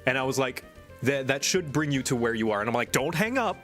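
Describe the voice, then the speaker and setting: A man's voice: medium pitch, fairly even intonation, fast, a bit bright, soft background music. A man streaming live, in casual chat and ranting with exasperation. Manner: exasperated, venting rant. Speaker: streamer and animator.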